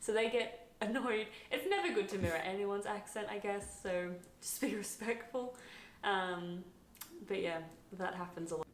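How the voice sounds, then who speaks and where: An office worker with an Australian accent shares opinions, chatting casually to camera and laughing often. Her mid-range voice moves at a moderate pace, with a little hiss or hum and a roomy echo in the recording.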